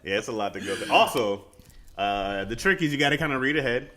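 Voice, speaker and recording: A man's voice: medium pitch, animated, bright, forceful tone. A man hosting a casual podcast, teasing his co-host and joking about cold-reading scripts. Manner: playful, teasing, quick jokes.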